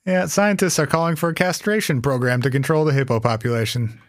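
A man hosts a podcast in relaxed, comedic chat, reading out facts and teasing his co-host with wry, profane humor. His voice sits at an ordinary pitch for a man. The recording is dry and close. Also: fast talker, no echo. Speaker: podcast host presenting cryptids.

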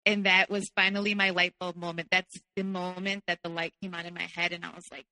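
Bright-voiced woman in a reverberant hall. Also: lowish voice, flat delivery, fairly quick, hardly any pauses. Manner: candid, heavy use of "like". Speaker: podcast guest. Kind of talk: personal storytelling.

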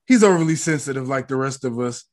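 A man's voice: mid-range voice, expressive, fast, a little mellow. A man retelling a show scene by scene in a laid-back chat, swearing now and then. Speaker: podcast co-host recapping an episode. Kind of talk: casual recap chat.

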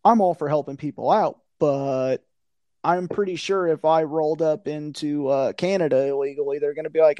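A man's voice: on the high side, fairly quick, warm tone, dry recording. A man in casual conversation, blunt and profane, ranting with a conspiratorial tone. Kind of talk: casual chat.

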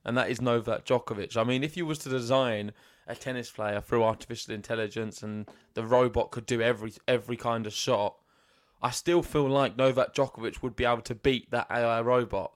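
A man's voice: mid-range voice, a little fast, dry recording, clean studio sound. A man co-hosting a podcast, talking about tennis in an emphatic, building way. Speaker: podcast co-host. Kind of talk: casual tennis chat.

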